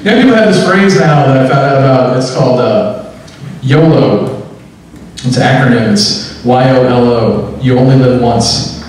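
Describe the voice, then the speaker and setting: A man in his thirties doing a wry, animated stand-up set, recorded live in a comedy club. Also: medium pitch, normal speed, a little hiss or hum. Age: 30s. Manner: wry, animated, jumps into character voices. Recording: echoey live club from far off.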